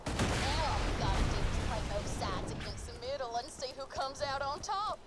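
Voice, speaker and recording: A woman's voice: high voice, animated, moderate pace, over loud music, rough recording. An actress voicing a brash, crude young backwoods woman in a video game, folksy and wisecracking. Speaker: game character.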